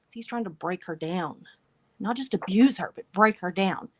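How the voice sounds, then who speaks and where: A woman's voice: fairly low pitch, moderate pace, no echo. A woman hosting a livestream, reading passages aloud and adding wry asides between them. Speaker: livestream show host.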